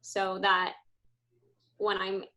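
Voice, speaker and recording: A woman teacher speaking as a panel guest over a video call, chatty, with many "like"s and quick laughs. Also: mid-range voice, monotone, bright, forceful tone. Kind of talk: casual panel discussion.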